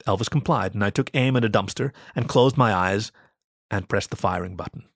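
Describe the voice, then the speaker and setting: A man reading an adult story aloud as its narrator, in an expressive, animated way. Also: fairly low pitch, a little fast, creaky, no echo, studio quality. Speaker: story reader.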